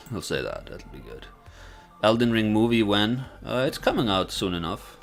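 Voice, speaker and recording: A man's voice: lowish voice, very animated, moderate pace, creaky. Man, casual livestream chat, rambling, thinking aloud, lots of fillers, faint music behind. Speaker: streamer and video essayist.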